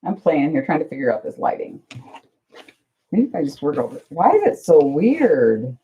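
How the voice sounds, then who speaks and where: A low-voiced woman chats her way through a crafting livestream, her pitch bouncing lively up and down. She is flustered and pokes fun at herself as she talks to viewers. The audio is dull and lo-fi. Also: moderate pace, slightly rough. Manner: flustered, chatty, self-deprecating, talks to viewers. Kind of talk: casual livestream chat while crafting.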